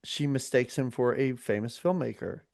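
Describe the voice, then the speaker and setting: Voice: mid-range voice, moderate pace, creaky, a little mellow, dry recording, clean studio sound. A podcast host talking in a casual, rambling way, full of fillers and restarts. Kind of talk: casual chat.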